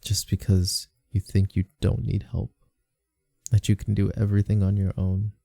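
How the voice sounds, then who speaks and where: A man voicing a gentle, devoted boyfriend in a whispered role-play, speaking in a soft, pleading and apologetic way. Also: fairly low pitch, completely flat delivery, moderate pace, gravelly, no room sound. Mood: tender. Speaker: comforting boyfriend.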